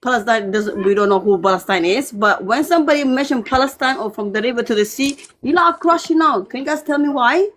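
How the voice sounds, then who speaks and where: A woman's voice: on the high side, quick pace, few pauses, a bit bright. A woman challenging the other side sarcastically as a guest in a casual live debate.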